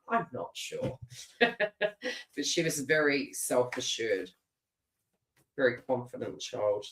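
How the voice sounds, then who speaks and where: A middle-aged Australian woman with a bass voice gives a live tarot reading, speaking slowly and expressively with long pauses. She chats casually, laughs often, and restarts her phrases, with a roomy echo on the recording.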